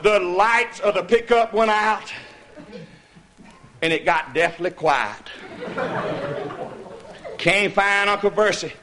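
A man telling a folk tall tale, animated, often laughing and breaking into hollers. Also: high voice, slow, long pauses. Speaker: storyteller. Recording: noisy recording with clicks.

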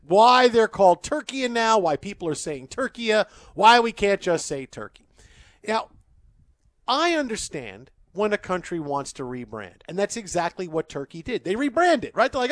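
A man's voice: high voice, big pitch swings, moderate pace, fairly bright tone, no echo. A man hosting a sports radio show in a studio, bantering playfully and laughing often.

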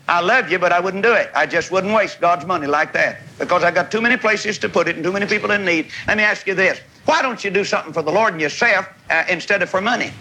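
A man's voice: sits high, pushed and bright, slight background noise, poor audio. A man preaching a revival tent sermon in a fiery, folksy, scolding way. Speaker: evangelist preacher. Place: large revival tent with crowd.

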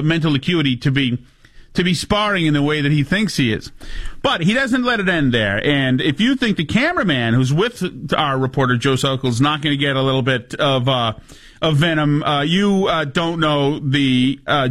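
A man hosting a talk radio show, delivering sardonic, digressive commentary with filler pauses. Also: on the high side, lively intonation, fairly bright tone.

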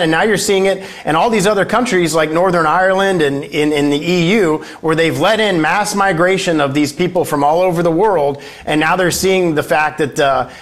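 A male congressman speaking as a guest in a political interview. His voice sits slightly high, and he delivers emphatic talking points, often pausing on "uh". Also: fairly bright tone.

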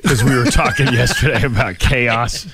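A man's voice: medium pitch, normal speed, background noise. A man co-hosting a morning radio show, rambling through stories and laughing along. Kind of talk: casual radio banter.

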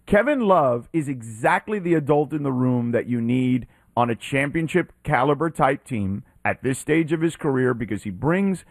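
Animated man arguing basketball. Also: medium pitch, moderate pace, hardly any pauses, no echo, studio quality. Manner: emphatic, argumentative, rising when pressed. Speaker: sports podcast co-host. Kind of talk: casual debate.

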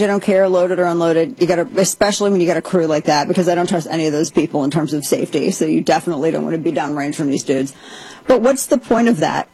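Husky-voiced woman hosting talk radio. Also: deep voice, fast, a little mellow, dry recording, poor audio. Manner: incredulous, wisecracking, emphatic. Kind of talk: casual on-air chat.

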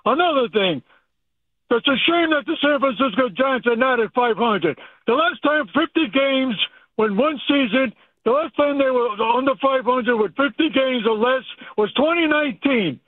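A man's voice: very high-pitched, moderate pace, no room sound. A man calling in to a sports radio show, ranting pushily about his team over a phone line. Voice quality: excited, pushy, repetitive. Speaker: radio caller.

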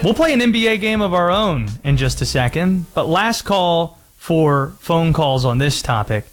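A man's voice: on the high side, expressive, normal speed, faint music behind. A man hosting a sports talk radio show, taking calls and teasing callers.

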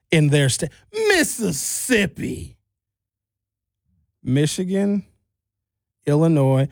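A man from Wisconsin doing a stand-up comedy rant, animated with sarcastic asides. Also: on the high side, no echo. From Wisconsin, USA.

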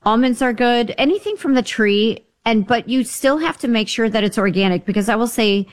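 A woman's voice: a little high, normal speed. A woman on a talk show, telling stories and giving health advice in a chatty, emphatic way. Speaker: guest health advisor. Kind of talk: casual radio talk.

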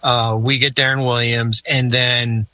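A man spins a long anecdote in casual podcast chat, circling back and restarting his sentences as he goes. His voice is bright and forward, with a close, dry sound and no room around it. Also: medium pitch, a little slow, no echo. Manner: rambling, animated, many fillers and restarts. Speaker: former team executive telling stories.

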